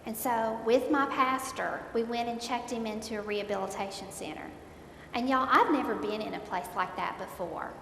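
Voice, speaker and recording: A woman's voice: moderate pace, creaky, fairly bright tone. A woman giving an earnest faith testimony, retelling events and repeating herself as she speaks. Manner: earnest, repeats words while recounting, voice rises in dismay. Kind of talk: emotional faith testimony storytelling. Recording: echoey hall, faint rumble.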